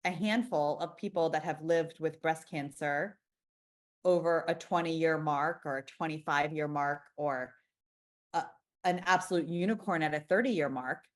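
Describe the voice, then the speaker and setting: This deep-voiced woman in her forties, a business founder, keeps a measured pace as an interview guest. She's frank and emphatic in the candid exchange, repeatedly restarting her sentences.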